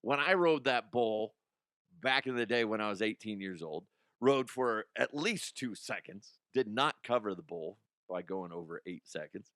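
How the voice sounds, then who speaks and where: A man's voice: lowish voice, animated, moderate pace, a bit bright, no echo, clean studio sound. A young adult man hosting a comedy news podcast, ranting casually with swearing, laughter and mocking put-on voices.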